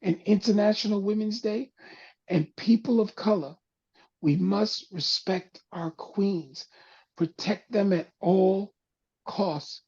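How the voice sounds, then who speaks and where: A man hosting a panel talk, speaking with an impassioned, preacher-like cadence that drops low and soft for emphasis. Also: takes it slowly, husky, muffled recording. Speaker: panel host. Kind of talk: impassioned talk-show monologue.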